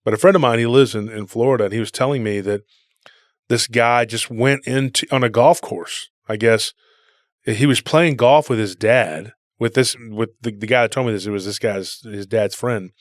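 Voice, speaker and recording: A man's voice: mid-range voice, normal speed, dry recording, studio quality. A man co-hosting a podcast, telling rambling stories in a casual conversational way and often calling people "dude.". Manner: rambling storyteller, says "dude". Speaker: podcast co-host.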